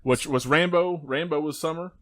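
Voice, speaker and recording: A man's voice: fairly high pitch, moderate pace, a bit bright, dry recording. A young man hosting a casual movie podcast, joking and rambling with friends, laughing often. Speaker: podcast host. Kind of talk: casual chat.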